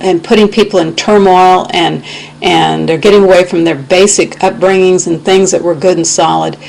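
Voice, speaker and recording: A woman's voice: lowish voice, creaky, a little mellow, a little hiss or hum, rough recording. An American woman giving an impassioned, indignant webcam rant, quoting scripture as she talks. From United States. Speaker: video blogger. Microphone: webcam microphone.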